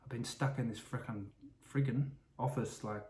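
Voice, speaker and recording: A man's voice: medium pitch, fairly even intonation, moderate pace, warm tone, a little hiss or hum. A man telling an improvised story in a casual, rambling way, full of restarts and asides. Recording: roomy echo.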